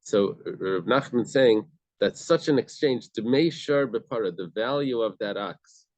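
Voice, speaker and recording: A man's voice: lowish voice, expressive, a little slow, a little mellow, no room sound. A man teaching a casual Talmud study class, explaining step by step with everyday examples and frequent restarts. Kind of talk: casual study-group lesson.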